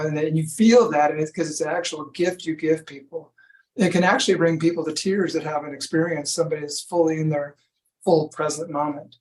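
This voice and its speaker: A man's voice: fairly high pitch, poor audio. Laid-back man telling stories. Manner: laid-back, storytelling, says "you know" often. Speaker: guest. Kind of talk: relaxed conversational interview. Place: from Sacramento.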